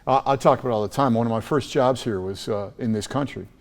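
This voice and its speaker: A man's voice: mid-range voice, fast talker, big-room sound. A man with an American accent, from Chicago, telling stories emphatically as a podcast guest, often restarting and repeating words. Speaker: guest, school trust leader. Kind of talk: podcast interview.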